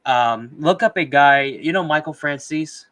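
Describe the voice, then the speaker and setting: A man's voice: a little high, unhurried, a bit bright. A man co-hosting a casual podcast, talking loosely with plenty of fillers and offhand swearing. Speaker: podcast co-host.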